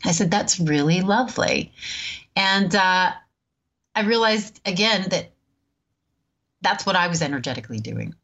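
A woman in her fifties telling a personal story in a relaxed, chatty way, laughing often and pausing with many ums. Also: on the low side, highs cut off. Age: 50s. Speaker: host. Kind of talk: storytelling talk.

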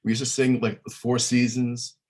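A man's voice: medium pitch, monotone, normal speed, darkish tone. A man, a musician guest chatting in an interview and rambling with many fillers and restarts. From Brooklyn, New York. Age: 60s. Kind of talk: casual interview chat.

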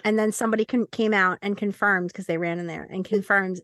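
A woman's voice: mid-range voice, fairly even intonation, a little fast, hardly any pauses, a bit bright, no echo, clean studio sound. A woman co-hosting a podcast in casual chat, joking, laughing often and acting out what people said. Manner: jokey, laughs often, acts out quotes. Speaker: podcast co-host.

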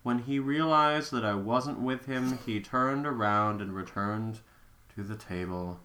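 A woman with a strikingly low, bright-edged voice reads fan fiction aloud, slow and deliberate. She is wry and playful and cracks jokes between lines. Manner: wry, playful, drops into a low mock-seductive voice for the male character. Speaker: co-host reading fan fiction. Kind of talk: comedic dramatic reading.

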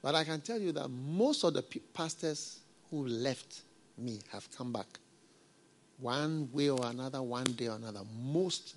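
A middle-aged man preaching a sermon as a pastor, talking in a conversational, repetitive way with folksy proverbs and soft chuckles. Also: mid-range voice, expressive, measured pace.

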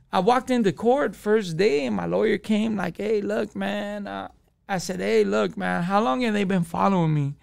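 A man's voice: high voice, creaky. A man, telling a story as a podcast guest in profane street slang. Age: 20s. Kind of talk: casual storytelling.

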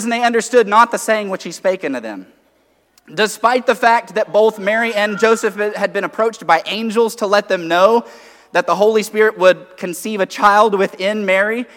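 In a big-room sound, a high-voiced man delivers a sermon, teaching from Scripture in a conversational way while alternating quiet asides with moments of rising emphasis.

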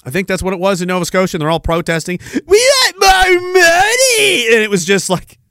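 A man's voice: high voice, steady tone, rapid-fire, a bit bright, no echo. A man hosting a podcast, ranting about politics in a profane, sarcastic way. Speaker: podcast host.

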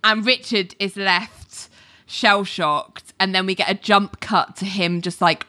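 A woman's voice: medium pitch, steady tone, measured pace, bright, forceful tone, no room sound. A woman casually recapping a TV episode, chatty and full of ums and likes.

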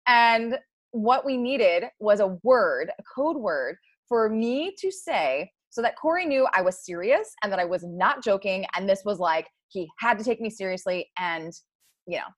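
A woman's voice: medium pitch, expressive, normal speed. A woman chatting casually with her partner as podcast co-host, laughing easily and saying "like" a lot.

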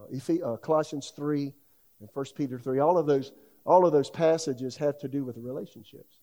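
A man's voice: mid-range voice, dark tone. A middle-aged man preaching a sermon in a folksy, conversational way, full of asides. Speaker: pastor.

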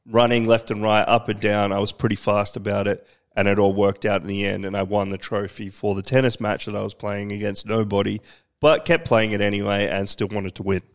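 A man co-hosting a podcast, talking in casual chat with a plain, even delivery. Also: on the low side. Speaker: podcast co-host.

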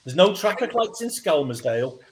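A man's voice: sits high, sing-song, a little fast, crowd noise. A man from North West England in casual chat, teasing the others with banter.

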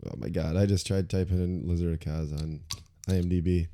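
A man's voice: sits low, steady tone, fairly quick, dark tone. A man co-hosting a casual podcast, tasting beer with friends, swearing freely and reading out ratings. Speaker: podcast co-host.

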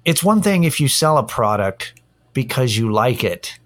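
A man's voice: medium pitch, very animated, moderate pace, a bit bright. A middle-aged man hosting a casual solo podcast, ranting in an irritated, profane way. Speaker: podcast host. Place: Austin-area home setting.

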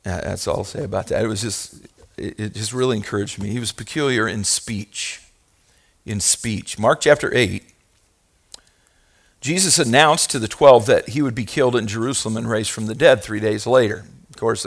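A man preaching a sermon as pastor, moving from quiet asides to loud, fervent passages and asking the congregation questions. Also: fairly low pitch, moderate pace. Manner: talks directly to the congregation with questions.

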